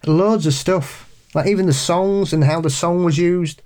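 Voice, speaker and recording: A man's voice: on the high side, a little slow, a little mellow. A man hosting a podcast, chatting casually and enthusiastically. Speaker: podcast host. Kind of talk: casual chat.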